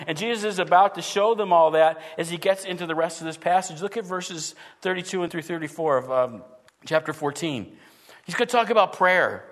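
A pastor with a high voice preaches earnestly to his congregation. He often drops to a low, quiet voice to act out what people think to themselves.

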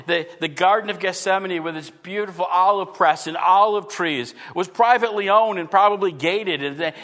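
A man with a high voice preaches a sermon. He speaks earnestly to his congregation and often drops his voice low and quiet to act out what people think to themselves. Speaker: pastor.

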